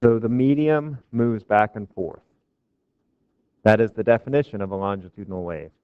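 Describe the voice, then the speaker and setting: A man's voice: fairly low pitch, moderate pace, clean tone, no room sound. A man giving a physics lecture to a class, casual and joking with his students. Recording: dull, dry lecture recording.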